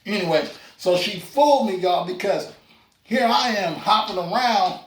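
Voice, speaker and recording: A man's voice: high-pitched, expressive, moderate pace, a little hiss or hum. A man in doing a stand-up comedy set, loose and chatty, with lots of fillers and asides to the crowd. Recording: roomy club sound from a distance.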